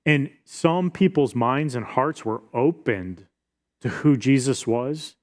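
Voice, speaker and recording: Middle-aged male pastor, mid-pitched, earnest expository preacher. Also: expressive, takes it slowly, darkish tone. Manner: earnest expository preaching, reading scripture aloud. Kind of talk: sermon.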